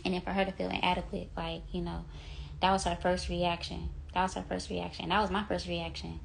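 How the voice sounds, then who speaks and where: Earnest woman with a gravelly voice. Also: on the low side, flat delivery, fairly quick, slight background noise. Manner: earnest, rambling, heavy use of 'like' and 'you know'. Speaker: vlogger sharing a devotional message. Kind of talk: casual devotional talk. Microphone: phone.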